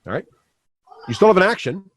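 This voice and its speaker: A man runs a tabletop session as game master, his voice sitting a little high for a man. He patiently talks players through positions and rules and calls on each by name. The sound is dry and close, with no room around it. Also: sing-song, fairly quick, slightly rough, dry recording. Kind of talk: running a tabletop game live.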